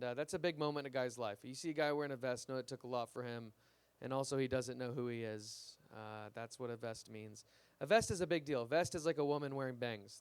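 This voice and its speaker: A man's voice: mid-range voice, smooth, no echo. A young man doing a rambling, self-deprecating stand-up comedy set in a small club. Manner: self-deprecating, rambling, acts out little quoted voices. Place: small live music club with audience.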